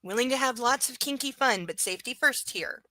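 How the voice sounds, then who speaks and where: A woman's voice: on the high side, lively intonation, fairly quick, bright, forceful tone, dry recording, poor audio. Chatty woman reading a novel live. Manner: chatty, jokey asides between passages. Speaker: livestream reader.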